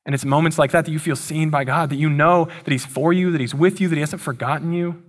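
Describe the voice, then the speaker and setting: A man delivers a sermon in a loose, chatty storytelling style, dropping slangy asides as he retells scripture. His voice sits a little on the high side for a man. He sounds like a pastor speaking to his congregation. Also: fairly even intonation, fast.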